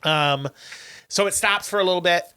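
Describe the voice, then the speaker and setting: A man's voice: high-pitched, normal speed, clean tone. A man co-hosting a podcast, casually recapping a movie plot with lots of "um"s and acted-out lines. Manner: animated storyteller, acts out lines, many "um"s. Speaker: podcast co-host.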